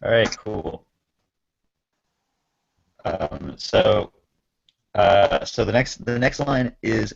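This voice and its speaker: A man's voice: fairly low pitch, lively intonation, drawn-out words, creaky, pauses often, husky, lo-fi sound. A man taking part as a student in an online class, thinking aloud casually over a video call.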